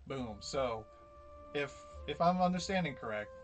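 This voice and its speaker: A man playing a tabletop game, eagerly laying out a plan to the group and thinking out loud. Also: medium pitch, expressive, normal speed, faint music behind. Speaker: player. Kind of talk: casual tabletop game chat.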